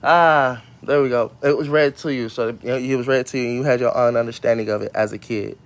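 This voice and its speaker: A man's voice: mid-range voice, steady tone, a little fast. A man on a casual phone livestream reading a children's story at home, breaking off into rambling, profane asides and laughter. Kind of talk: casual livestream read-aloud with commentary. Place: at home, moving from outdoors to his room.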